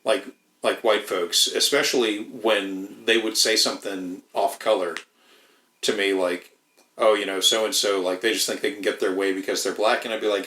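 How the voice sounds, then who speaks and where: A man's voice: lowish voice, steady tone, moderate pace, bright, forceful tone, reverberant, low-quality recording. A man in casual podcast chat, rambling with lots of swearing and restarts. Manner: rambling, profane, many restarts.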